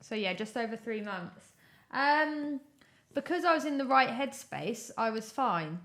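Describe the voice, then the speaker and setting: Teasing woman co-host with a higher voice. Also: animated, fairly bright tone. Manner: teasing, quick quips. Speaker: podcast co-host. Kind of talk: casual chat.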